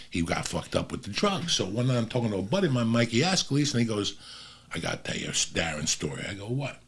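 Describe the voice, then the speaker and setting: A middle-aged man with a gravelly, raspy voice, hosting a podcast and telling profane street stories in a casual chat. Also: background noise. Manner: profane, drops low and quiet when storytelling. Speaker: podcast host.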